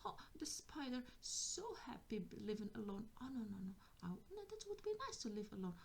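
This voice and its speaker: A woman's voice: medium pitch, big pitch swings, brisk, gravelly, a little mellow, slight background noise. A woman voicing a small, emotional girl, with a whiny, sing-song, childlike way of talking. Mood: dreamy.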